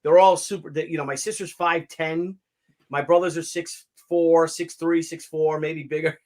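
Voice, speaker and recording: A man's voice: a little high, normal speed. A middle-aged man in casual chat, telling family stories with lots of laughter. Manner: animated, laughing storyteller.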